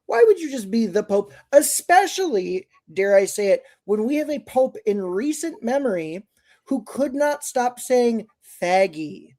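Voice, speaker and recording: A woman's voice: fairly high pitch, big pitch swings, a little slow, mellow. A woman co-hosting a casual recap podcast, wry and blunt. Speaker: podcast co-host.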